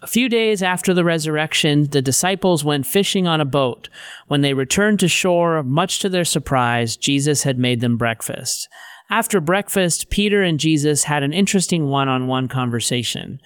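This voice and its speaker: Smooth-voiced man telling a Bible story. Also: on the high side, normal speed, fairly bright tone, no room sound, clean studio sound. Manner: conversational, modern paraphrase. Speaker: narrator. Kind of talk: casual Bible story narration.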